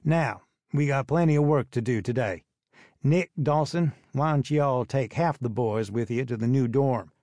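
Man voicing a stern authority figure, folksy, mellow, dry sound, audiobook. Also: mid-range voice, moderate pace, no room sound, lightly acted. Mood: commanding. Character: stern Southern man running a boys' home.

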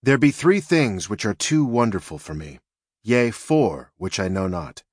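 Man, audiobook narrator, measured storytelling, lowish voice, dry studio sound. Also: lively intonation, husky, no room sound.

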